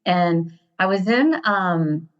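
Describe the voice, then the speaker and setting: An American woman in her fifties from Ohio, a guest telling stories in a casual interview, animated and digressive, often laughing. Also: fairly low pitch, takes it slowly. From Ohio, USA. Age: 50s. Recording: dull lo-fi sound.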